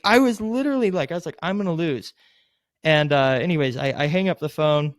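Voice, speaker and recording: A medium-pitched man, recorded dry with clean studio quality, tells a loose, filler-heavy sales story as a podcast guest. He says "like" a lot, performs the quoted lines, and grows loud while retelling them, in a casual interview style.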